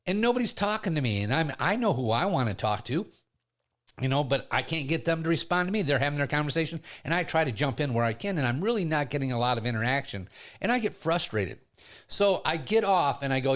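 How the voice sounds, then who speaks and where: Animated, gregarious middle-aged man storyteller. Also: quick pace. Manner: animated, gregarious storyteller, big pitch swings. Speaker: podcast host and comedian. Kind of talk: casual storytelling chat. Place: studio.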